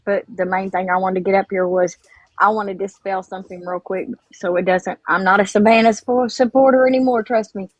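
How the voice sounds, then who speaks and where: A woman's voice: mid-range voice, no room sound, rough recording. An older woman, calling into a live stream, emotional and rambling, close to tears.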